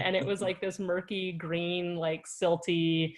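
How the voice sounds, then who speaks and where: Lively storytelling woman, lowish voice. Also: moderate pace, hardly any pauses. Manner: animated storyteller, laughs often. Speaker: former player, alumna. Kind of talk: casual interview.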